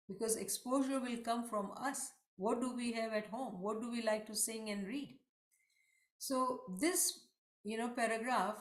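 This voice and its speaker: Woman religious teacher, higher voice, earnest and emphatic, rhetorical questions, echoey room. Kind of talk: online religious lesson.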